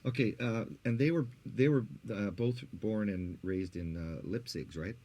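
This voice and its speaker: A man co-hosting a podcast in casual chat, animated and teasing. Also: fairly low pitch, measured pace. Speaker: podcast co-host.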